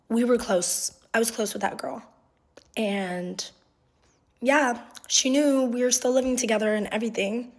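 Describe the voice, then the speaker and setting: A young adult woman telling a story from her own life in a casual vlog, with lots of swearing and constant fillers. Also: a little high. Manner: animated, profane, fillers "like" constantly.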